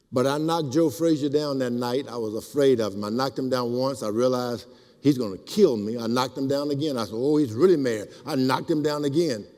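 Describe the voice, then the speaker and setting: Older man telling stories in a hall. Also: mid-range voice. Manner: animated, acts out quotes. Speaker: speaker. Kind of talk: storytelling speech. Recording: reverberant hall.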